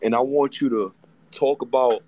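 A man in a heated sports chat, excitable and teasing. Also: medium pitch, no echo. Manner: excitable, teasing, quick bursts.

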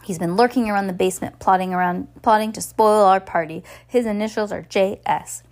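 A woman's voice: medium pitch, fairly even intonation, fairly quick, a little mellow, close to an everyday voice. A woman voicing a vain, scheming, fashionable female villain who talks haughtily in a storybook reading. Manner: haughty, purring, snappish.

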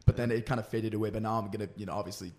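A man's voice: lowish voice, rapid-fire. Laid-back man rambling with lots of "like". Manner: relaxed, rambling, heavy use of "like". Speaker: guest, content creator. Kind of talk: casual podcast chat.

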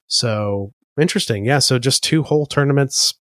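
A man's voice: mid-range voice, moderate pace, a bit bright, dry recording, studio quality. A man co-hosting a podcast in a chatty way, full of fillers, asking follow-up questions. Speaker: podcast co-host. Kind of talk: casual podcast chat.

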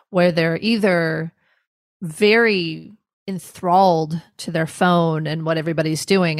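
A woman in her forties with a low, gravelly voice talks through ideas as a therapist on a podcast. She speaks thoughtfully and often restarts while searching for words. Her voice sounds close and dry, with no room echo. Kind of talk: professional podcast conversation.

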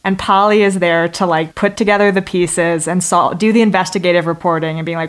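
A woman's voice: fairly low pitch, fairly even intonation, fairly quick, few pauses. A woman in casual conversation who laughs often and acts out quotes playfully. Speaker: podcast co-host. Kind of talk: casual discussion.

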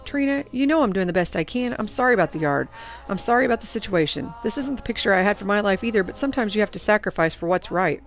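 A woman voicing a tired, hardworking father who speaks in a measured, sighing way. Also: medium pitch, lively intonation, natural voice. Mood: defensive. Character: tired hardworking father, gentle but firm.

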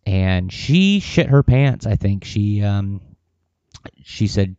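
A man's voice: fairly low pitch, animated, measured pace, warm tone, no room sound, muffled recording. A man talking casually in a personal vlog, rambling with lots of fillers and swearing. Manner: rambling, profane, with many fillers. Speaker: vlogger.

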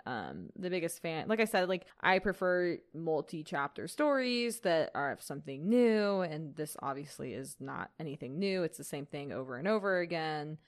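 A woman co-host in casual chat, frank and easygoing. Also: low-pitched. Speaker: podcast co-host.

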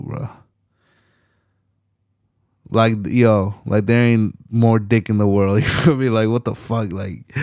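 Low gravelly man ranting, slow and profane. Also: warm tone, no echo, studio quality. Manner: profane, blunt, heated slangy ranting. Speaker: podcast host. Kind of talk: late-night solo podcast rant.

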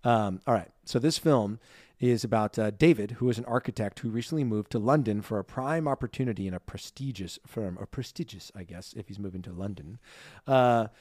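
A man's voice: on the low side, fairly quick, a little mellow, no room sound, studio quality. A man co-hosting a podcast, chatting in a bubbly, jokey way. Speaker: podcast co-host. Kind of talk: casual chat.

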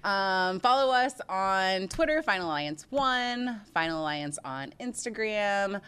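A woman's voice: medium pitch, expressive, unhurried, fairly bright tone, slight background noise. A woman co-hosting a reality TV recap podcast in casual chat, laughing and sighing often. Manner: chatty, laughs often, sighs. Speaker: podcast co-host.

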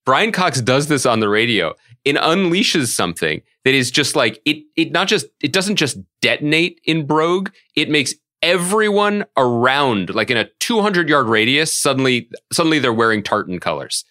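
A man co-hosting a pop-culture podcast, telling animated, joking stories in casual chat. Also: medium pitch, normal speed, few pauses. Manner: animated storyteller, jokey riffs. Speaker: podcast co-host.

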